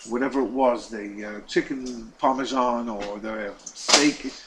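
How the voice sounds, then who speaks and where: A man teaching a class as a rabbi, telling a story with lively delivery, repeating words and acting out the quoted lines. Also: mid-range voice, measured pace, heavy background noise. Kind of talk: storytelling lesson.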